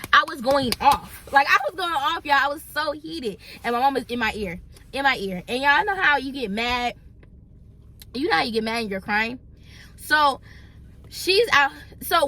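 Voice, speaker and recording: A young woman, telling viewers a storytime in an animated, chatty way. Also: high voice. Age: young adult. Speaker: vlogger. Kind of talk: storytime vlog.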